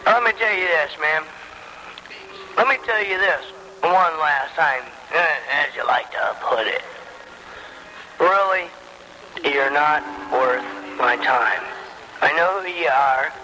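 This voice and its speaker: A man's voice: fairly high pitch, bright, forceful tone. A man scolding another caller on a radio channel, telling him he is not worth his time. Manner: slow, scolding. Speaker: CB radio user. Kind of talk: radio banter. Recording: noisy radio transmission.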